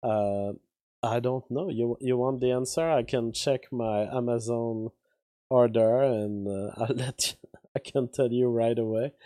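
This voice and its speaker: This YouTube commentator talks politics casually and rambles, restarting often and leaning on fillers, and he reads viewers' chat comments out loud. He has a medium-pitched, warm, steady voice at a slightly slow pace. The sound is dry, from a studio mic with outboard gear in his home studio.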